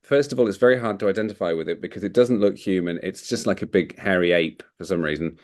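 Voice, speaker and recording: A man's voice: low-pitched, quick pace, a little mellow. A man co-hosting a podcast, chatting loosely about a film, rambling and laughing often. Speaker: podcast co-host. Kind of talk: casual film discussion.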